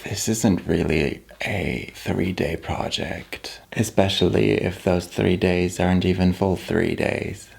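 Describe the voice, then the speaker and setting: A man's voice: low-pitched, fairly even intonation, slow, gravelly, few pauses, over music. A man chatting casually as he sews, self-deprecating and laughing often. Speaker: fashion vlogger. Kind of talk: casual chat while sewing.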